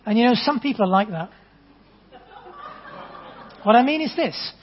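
Male preacher, earnest and conversational, high-pitched, long church-hall reverb, dull sound. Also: animated, moderate pace, slight background noise. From England. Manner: earnest, storytelling, conversational with gentle asides. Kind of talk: sermon.

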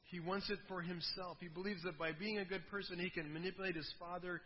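A man's voice: sits high, fairly even intonation, quick pace, in a large hall, dull audio. A man preaching a sermon in a conversational way, often asking his listeners rhetorical questions. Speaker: pastor.

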